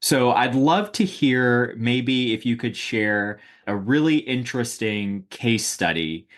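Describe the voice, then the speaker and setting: A man's voice: mid-range voice, animated, takes it slowly, a bit bright. A man hosting a podcast interview, asking questions and backing his guest up with short, encouraging replies. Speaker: podcast host.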